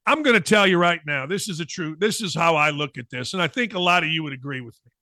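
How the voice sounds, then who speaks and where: Middle-aged guy hosting a talk show, jokey, riffing on weird news, bright tense voice. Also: fairly high pitch, fast talker, dry recording, clean studio sound. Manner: animated, jokey, riffs off the stories. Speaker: sports talk show host. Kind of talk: casual monologue reading news stories.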